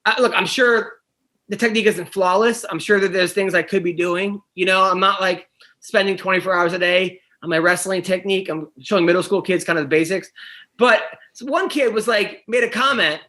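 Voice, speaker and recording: A man who coaches wrestling, co-hosting a casual podcast chat in a rambling way that gets animated when he is annoyed. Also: sits high, moderate pace. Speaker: podcast co-host.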